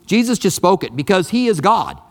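High-voiced man preaching in a reverberant hall. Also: very animated, a little fast. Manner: conversational, emphatic preaching with repeated phrases. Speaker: pastor. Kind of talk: sermon. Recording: long reverb of a large hall.

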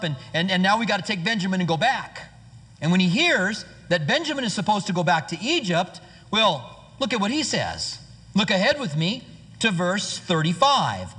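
A man's voice: high voice, big pitch swings, moderate pace, bright, forceful tone, husky. A male pastor preaching a sermon in a church, earnest and conversational with his congregation. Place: church sanctuary. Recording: hall reverb.

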